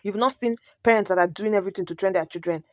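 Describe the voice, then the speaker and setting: A woman's voice: medium pitch, very fast. A Nigerian woman hosting a reaction video, chatty and storytelling, slipping into pidgin. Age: adult parent. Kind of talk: casual reaction commentary.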